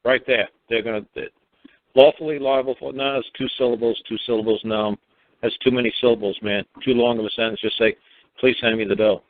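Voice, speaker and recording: A man's voice: medium pitch, fairly even intonation, brisk, dry recording. A man hosting a radio talk show, bluntly advising a caller in a mocking, repetitive way. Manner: blunt, mocking, repeats words and restarts. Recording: dry, narrow phone-like radio audio.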